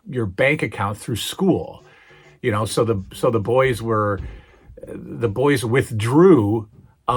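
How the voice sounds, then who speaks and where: A man's voice: on the low side, breathy edge. A middle-aged man hosting his own channel, rambling earnestly in a nostalgic, casual chat. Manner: rambling, earnest, many fillers. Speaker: channel host.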